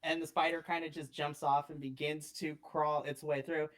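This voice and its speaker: A woman narrating as game master on a live stream, playful and quick to laugh. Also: low voice, level tone. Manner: giggly, playful, often breaks into laughs.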